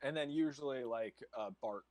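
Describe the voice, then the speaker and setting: A man's voice: mid-range voice, normal speed, a crowd in the background. Bay man explaining with many fillers. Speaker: podcast co-host. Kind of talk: casual chat.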